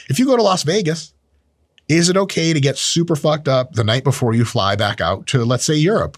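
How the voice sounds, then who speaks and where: A man giving a casual, animated training explanation, full of swearing and jokes. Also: a little high, brisk, no room sound, studio quality. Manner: animated, profane, jokey. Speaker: strength training educator.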